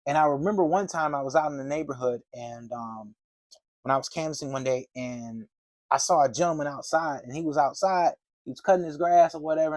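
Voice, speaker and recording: Talking fairly quickly in a higher, darkish voice, a man gives an animated sales training on door-to-door selling, loose and slangy as he acts out doorstep exchanges. The recording has no room sound.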